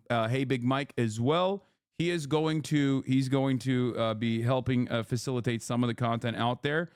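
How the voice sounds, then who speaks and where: A man live-streaming to his chat, emphatic and profane, often checking in with a quick question. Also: mid-range voice, vocal fry, clear, resonant tone, no echo, studio quality. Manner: emphatic, profane, keeps asking "okay?". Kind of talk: livestream chat.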